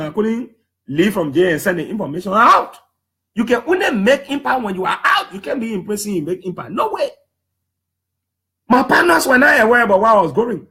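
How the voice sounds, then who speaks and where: A man in his thirties with a Liberian English accent, telling stories to a public audience in an emphatic, lively way. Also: high voice. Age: 30s. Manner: lively, emphatic, slips into quoting others in put-on voices. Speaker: human rights defender speaking to the public. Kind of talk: animated storytelling talk.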